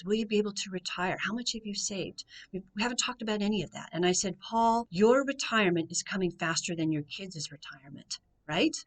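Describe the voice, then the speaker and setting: A woman from the United States, a financial coach telling a story on a radio show in a measured way, repeating key phrases for emphasis. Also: medium pitch.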